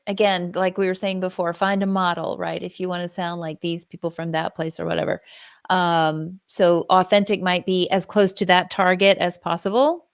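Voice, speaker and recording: A woman's voice: on the low side, smooth, no room sound, studio quality. A woman co-hosting a casual podcast, explaining ideas in a thoughtful, careful way. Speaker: co-host, dialect coach.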